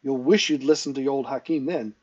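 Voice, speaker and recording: A man's voice: mid-range voice, fairly quick, a little mellow, breathy edge, natural voice. A man voicing a cheerful, teasing male martial-arts teacher who barks drills in a jovial way, read aloud from a storybook. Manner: jovial drill-sergeant barking.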